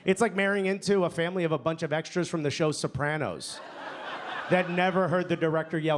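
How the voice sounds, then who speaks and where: A man's voice: on the high side, brisk. A man performing a stand-up set on a comedy club stage, talking conversationally and often tagging lines with "okay?" or "you know?". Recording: live club, loud crowd laughter and noise.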